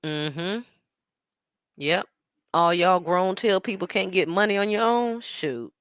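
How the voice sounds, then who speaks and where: A woman hosting a show, talking in an animated, sassy way with plenty of slang while she reacts to a stream. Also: on the low side, takes it slowly, clean tone, no echo, clean studio sound. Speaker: show host. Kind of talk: casual commentary reacting to a stream.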